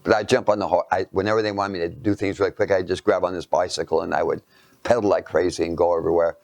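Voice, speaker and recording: A man tells a story as part of a lecture. His voice is low and gravelly, and the sound is dry and close. He talks in a halting, self-mocking way and slips into hushed asides. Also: fairly even intonation, no room sound.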